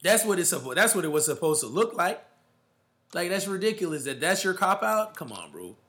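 A man's voice: high-pitched, animated, brisk, a bit bright. A man hosting casual sports talk, emphatic and slangy, often calling people bro.

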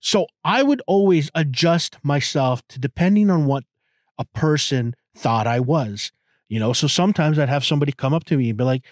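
A man's voice: a little high, normal speed, no echo, studio quality. A man in his thirties hosting a podcast, talking in a crude, profane, rambling way with many restarts. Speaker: podcast host. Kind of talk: casual podcast monologue.

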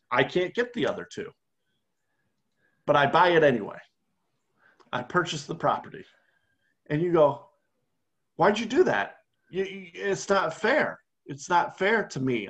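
Male podcast co-host, mid-pitched, animated storyteller in casual chat. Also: muffled recording. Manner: animated storyteller, walks through a game scenario step by step. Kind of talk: casual conversational explaining.

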